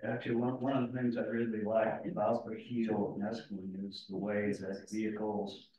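A man gives his comment at a community planning session in a plain, firm way. His voice sits low and stays flat. The sound is distant and dull, with a strong echo from the meeting room. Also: normal speed. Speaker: resident giving public comment.

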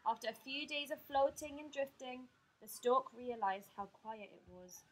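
Woman teacher, expressive picture-book reading, slightly husky, higher voice. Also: moderate pace, poor audio. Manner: expressive, lively storybook reading.

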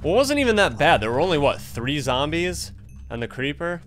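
Excitable young man narrating gameplay. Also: on the high side, brisk. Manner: excitable, jumpy, talks to game animals. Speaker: gaming YouTuber. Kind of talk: casual let's-play commentary.

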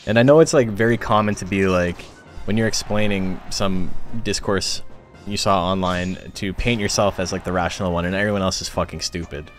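Low-voiced man chatting casually on stream. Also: steady tone, a little fast, soft background music. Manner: chatty, rambling, frequent filler words. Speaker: tournament commentator and streamer.

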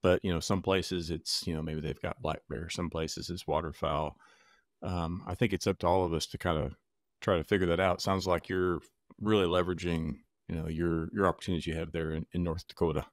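A man's voice: sits low, level tone, brisk, no room sound, clean studio sound. A man from Texas hosting a podcast, asking questions in a friendly, tentative way with frequent restarts. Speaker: podcast host. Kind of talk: casual interview.

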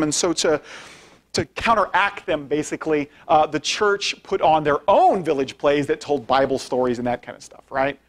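A man with a somewhat high speaking voice gives a relaxed, conversational lecture to an audience. He checks in with frequent quick tag questions and calls for the next slide as he talks. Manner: directs slide changes while speaking. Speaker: guest speaker, philosophy professor. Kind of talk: informal public lecture with slides.

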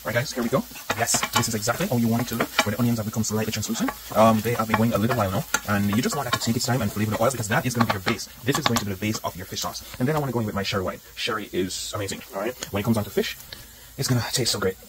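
A fast-talking Jamaican man with a fairly low voice keeps up an upbeat, chatty patter as he cooks. He is recorded in a home kitchen with loud frying and sizzling from the pan. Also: heavy background noise. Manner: chatty, upbeat, talks to viewers while cooking. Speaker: home cook. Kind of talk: cooking vlog narration.

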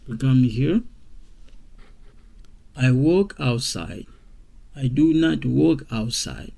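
A man of middle pitch gives a basic English grammar lesson. He talks very slowly, repeating each example sentence and dropping in fillers and quick checks like "okay?" as he goes. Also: creaky, dark tone. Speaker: English teacher. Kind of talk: slow classroom grammar lesson.

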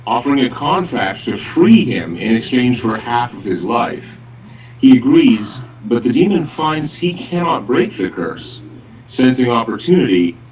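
A man reading aloud his own short story synopsis in a steady, plain way over an online call. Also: mid-range voice, a little hiss or hum. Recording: roomy, distant online call mic.

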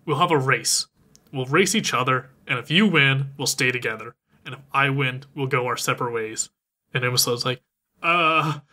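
Bright-voiced man animatedly recapping a film. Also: medium pitch, normal speed. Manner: animated retelling, acts out characters' lines. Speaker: podcast co-host recapping a film. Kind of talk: casual chat.

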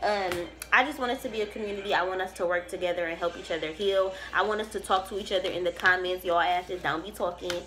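A woman's voice: lowish voice, quick pace, hardly any pauses, fairly bright tone. A woman giving a casual tarot reading to camera. She talks in an emphatic, profane and preachy way, rambling and restarting her sentences. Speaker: tarot reader.

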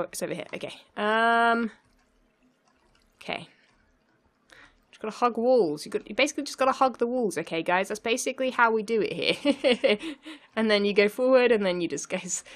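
A woman's voice: fairly high pitch, fairly bright tone. A young woman narrating her own gameplay, flustered and laughing as she talks herself through it. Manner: flustered, self-talking, laughs often. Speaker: let's play gamer. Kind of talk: live gameplay commentary.

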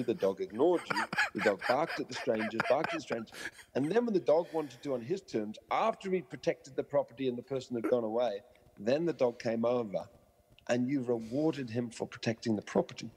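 A man guesting on a podcast as a dog trainer, his voice husky and a little breathy. He tells stories with energy, slipping into the voices of owners and dogs. The recording carries a long, hall-like reverb. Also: mid-range voice, brisk. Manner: animated storyteller acting out quoted voices. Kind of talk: conversational podcast interview.

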